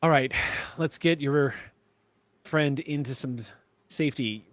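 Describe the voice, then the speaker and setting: A man's voice: fairly high pitch, takes it slowly, no echo. A man voicing a tough, blunt woman commander in a tabletop game, barking curt and profane orders. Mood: commanding.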